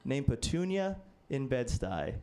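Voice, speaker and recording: A man's voice: medium pitch, sing-song, a little slow, a little mellow. A man in his twenties doing a stand-up comedy set, telling rambling, self-deprecating stories. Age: 20s.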